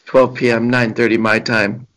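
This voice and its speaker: A man's voice: medium pitch, little pitch movement, normal speed, a bit bright, rough recording. A young man co-hosting a podcast in casual chat, dry, self-mocking and sarcastic. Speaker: podcast co-host.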